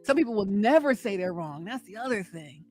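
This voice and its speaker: A woman's voice: mid-range voice, animated, fairly quick, mellow, faint music behind. A middle-aged woman hosting a motivational faith talk on a livestream, speaking with an emphatic, repetitive, preacher-like cadence and coaxing her listeners.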